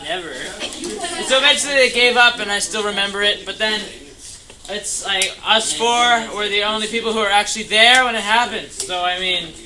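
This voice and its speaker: A man's voice: sits high, moderate pace, bright, forceful tone. A young man in his late teens telling a rambling, jokey tall tale in a camp cabin, full of fillers. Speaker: storyteller. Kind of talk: rambling comic storytime. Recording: echoey room with background noise.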